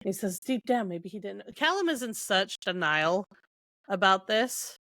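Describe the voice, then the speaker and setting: A woman's voice: mid-range voice, lively intonation, unhurried, sharp tone, dry recording. A young adult woman co-hosting a podcast, retelling book scenes casually with quoted dialogue and lots of fillers. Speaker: podcast co-host.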